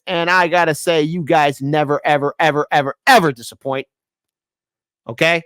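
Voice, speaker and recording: A man's voice: fairly high pitch, steady tone, moderate pace, fairly bright tone, no echo. A man hosting opinionated political commentary, combative and sarcastic, speaking into a close mic.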